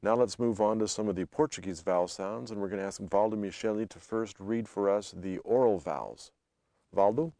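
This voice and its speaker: A man teaching English vowel sounds, reading example words aloud one by one with deliberate, careful enunciation. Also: lowish voice, warm tone, no room sound. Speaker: language instructor. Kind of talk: instructional reading of word lists.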